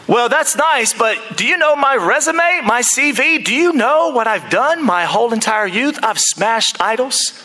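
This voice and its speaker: A preacher putting on a smug young king who brags about his good deeds and shrugs off correction. The voice sits high and bright, with a self-satisfied, showy delivery. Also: expressive, unhurried, hardly any pauses, full character voice. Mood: boastful. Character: young king boasting of his own piety.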